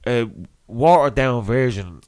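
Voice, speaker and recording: A man's voice: medium pitch, slow, a little mellow, clear, resonant tone, no room sound. A man co-hosting a podcast in casual chat, laughing as he talks and restarting his sentences. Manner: laughs while talking, trails off and restarts. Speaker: podcast co-host.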